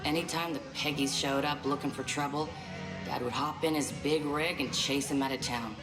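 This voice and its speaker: A blunt, low-voiced rural fighter. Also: female voice, moderate pace, echoey room, over music, poor audio. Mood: determined. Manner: steady, persuasive, blunt. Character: tough rural woman resistance leader. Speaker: video game character.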